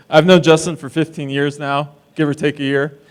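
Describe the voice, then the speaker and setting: At a wedding reception in a distillery, a best man with a clear, resonant, slightly high voice gives a joking toast, teasing the guests and firing off wisecracks.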